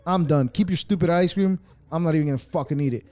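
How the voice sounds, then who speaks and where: Fast-talking and on the high side, this podcast host rants casually while reacting to clips. He's animated and sarcastic, and he swears a lot.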